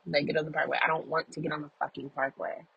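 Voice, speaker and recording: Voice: medium pitch, little pitch movement, quick pace, gravelly, slightly rough, dry recording, muffled recording. A person recording a casual audio journal in a car while driving, telling a story in an emphatic, profane way. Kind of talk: casual venting monologue.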